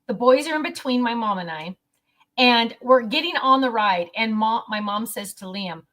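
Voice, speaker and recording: A middle-aged woman telling a family story in a casual vlog, animated and quick to laugh. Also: a little high. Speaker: vlogger.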